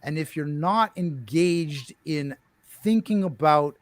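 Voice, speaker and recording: Higher-voiced man posing rhetorical questions. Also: lively intonation, takes it slowly, no room sound. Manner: discursive, builds points with rhetorical questions. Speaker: panelist. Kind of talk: panel discussion.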